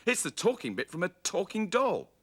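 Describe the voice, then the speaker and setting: A man voicing a squeaky, excitable male puppet helper. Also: normal speed, breathy edge, full character voice. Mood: excited. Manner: excited, chirpy. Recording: hissy old VHS tape.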